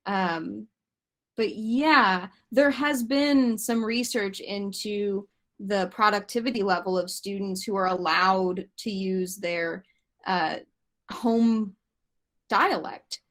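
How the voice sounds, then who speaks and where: A woman moderates an online discussion over a video call. She explains ideas at a measured, thoughtful pace, leaning on fillers as she thinks. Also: mid-range voice. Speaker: discussion facilitator. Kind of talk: casual online panel discussion.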